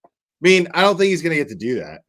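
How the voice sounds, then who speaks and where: A man's voice: a little high, huge pitch swings, fast, a bit bright. A man hosting a casual livestream, chatting, swearing freely and thanking viewers by name. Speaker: livestream host.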